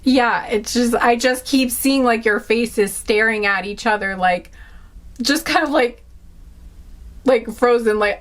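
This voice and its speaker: A woman giving a casual pick-a-card reading, rambling and giggling, with "like" in nearly every phrase. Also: slow pace. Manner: rambling, says 'like' constantly, giggly; acts out quoted reactions in a higher pitch. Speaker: tarot card reader.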